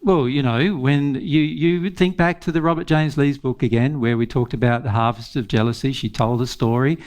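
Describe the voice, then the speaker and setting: A man's voice: mid-range voice, fairly even intonation, moderate pace, darkish tone. A man giving an informal spiritual teaching talk, earnest, repeating phrases and laughing often.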